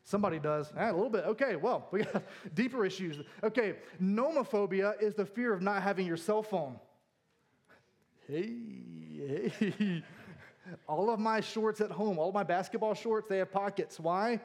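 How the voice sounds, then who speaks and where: High-voiced joking male preacher. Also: normal speed. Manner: jokey, self-deprecating, laughs often. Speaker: pastor. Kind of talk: humorous sermon.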